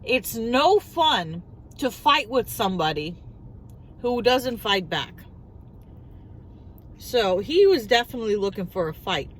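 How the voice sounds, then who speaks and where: A high-pitched woman with a voice that leaps up and down as she tells her story. She is a middle-aged vlogger talking casually while she eats, and she sounds animated and incredulous, firing off one rhetorical question after another. A faint hum of noise sits under her voice. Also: slow pace, pauses often, rough recording.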